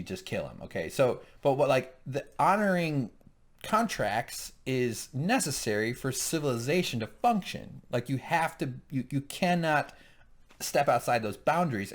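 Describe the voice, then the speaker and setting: Middle-aged male co-host, casual TV recap banter, pitch jumping all over, jokey delivery. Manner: animated, jokey, acts out quoted lines in loud voices. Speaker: podcast co-host. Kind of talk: casual chat recapping a TV episode.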